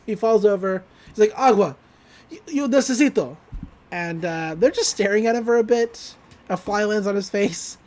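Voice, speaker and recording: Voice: mid-range voice, fairly even intonation, normal speed, a little mellow. A podcast co-host recapping a cartoon episode in loose casual chat, full of fillers and quoted lines. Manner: rambling, quotes characters with "he's like"; frequent fillers, laughs while recounting.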